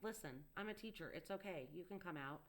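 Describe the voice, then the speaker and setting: Young male tutor, coaxing and urgent, read by a woman in a low voice. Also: animated, a little fast, close to an everyday voice. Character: young male student tutor, earnest, protective. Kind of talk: audiobook dialogue reading.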